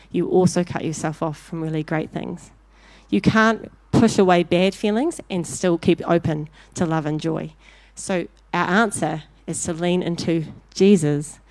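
A woman preaching a sermon, telling a story with lively acted-out voices before turning to direct exhortation. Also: lowish voice, dry recording. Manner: animated storyteller, acting out voices in anecdotes.

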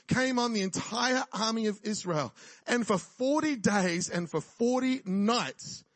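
Male preacher, high voice, dry close sound, casual humor. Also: fairly bright tone, no room sound. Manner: jokey, conversational preaching with frequent "right?" and laughs. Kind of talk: sermon.

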